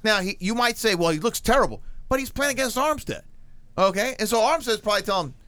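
A man talking sports on a show in a high, very lively voice. He sounds bright and sharp, and he makes his points with jokes and emphasis. The sound is dry and close. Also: quick pace, dry recording. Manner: emphatic, joking, repeats catchphrases. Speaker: co-host. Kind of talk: casual sports talk.

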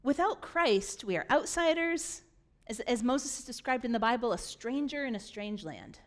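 A woman pastor giving a sermon, animated and acting out voices of scripture figures. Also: fairly high pitch, normal speed. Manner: animated preaching that acts out dialogue.

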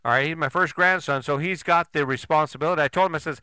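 A man's voice: a little high, fast talker, hardly any pauses, bright, forceful tone, clear, resonant tone, no room sound. An older man, a podcast host, giving a blunt motivational monologue full of swearing and rhetorical questions.

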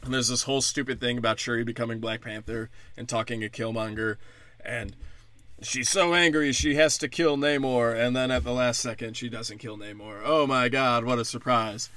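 A man's voice: mid-range voice, steady tone, moderate pace, sharp tone, dry recording. A man ranting in a casual, comedic way as a podcast host, sarcastic and profane.

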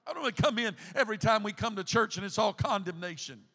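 A middle-aged man, a pastor preaching a sermon, building to shouted, repeated emphasis in a church. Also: high voice, animated, fast talker, creaky, in a large hall, faint music behind. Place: church sanctuary.

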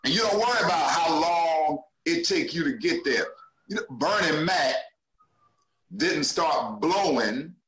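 A man's voice: fairly high pitch, expressive, unhurried, fairly bright tone. Male comedian in an echoey room. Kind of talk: casual conversation.

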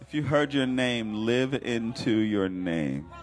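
A man's voice: medium pitch, animated, slow, soft background music. A male pastor preaching a sermon with a rhythmic, fervent litany and call-and-response.

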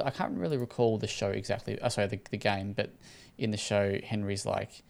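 A laid-back Australian man chats through a TV episode recap on a podcast. His voice sits on the low side, and he rambles along with plenty of swearing and loose asides. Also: vocal fry. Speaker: podcast co-host. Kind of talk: casual chat.

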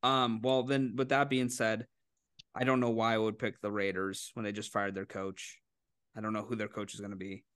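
A man co-hosting a casual sports betting podcast, animated and incredulous, quick to laugh. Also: lowish voice, clean tone, no echo, clean studio sound. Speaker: podcast co-host making picks.

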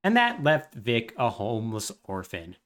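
A man's voice: medium pitch, wildly swooping pitch, normal speed, a bit bright. A man co-hosting a podcast, sarcastically recapping a video game plot in casual chat and acting out lines. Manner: sarcastic and wry, acts out the characters' dialogue. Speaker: podcast co-host.

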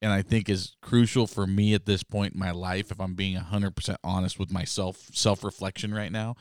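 A man with a smooth, resonant mid-pitched voice talks things through, thoughtful and casually profane. It's a dry, close podcast sound. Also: fairly quick, no echo. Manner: reflective, swears casually, rises in pitch when excited. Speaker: podcast participant.

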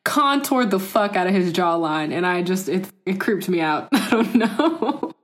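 A woman's voice: medium pitch, expressive, measured pace. A woman co-hosting a casual podcast, recapping episodes with laughs and playful quoted voices. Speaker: podcast co-host. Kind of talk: casual chat.

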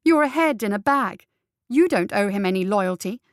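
A woman's voice: mid-range voice, animated, normal speed, no room sound, clean studio sound, natural voice. A woman voicing a young undead female servant, bitter and defiant, speaking sharply and indignantly.

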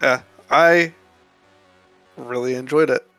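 A man co-hosting a podcast in casual chat, soft-spoken and hesitant. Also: mid-range voice, steady tone, takes it slowly, vocal fry, clean tone, no room sound, soft background music. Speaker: podcast co-host.

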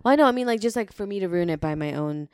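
A woman's voice: medium pitch, lively intonation, rapid-fire, a little mellow, clean tone. A young woman co-hosting a podcast in casual chat, laid-back and swearing freely. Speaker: podcast co-host.

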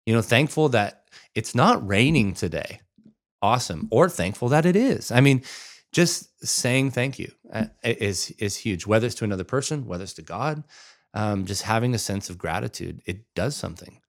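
A man co-hosting a casual chat, enthusiastic and quick to agree. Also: lowish voice, animated. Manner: enthusiastic, quick affirmations like "huge". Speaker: podcast co-host.

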